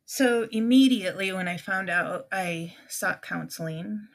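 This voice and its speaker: A middle-aged woman with a gravelly, creaky edge to her voice tells a painful personal story as a podcast guest. She speaks with raw emotion, breaking off into restarts and acting out what others said to her. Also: medium pitch, unhurried.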